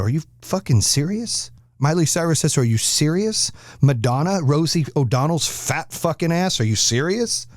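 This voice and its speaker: A man's voice: on the high side, very animated, normal speed, no room sound, clean studio sound. A man hosting a podcast, delivering a blunt, aggressive monologue full of swearing. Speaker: podcast host. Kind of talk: profane ranting monologue.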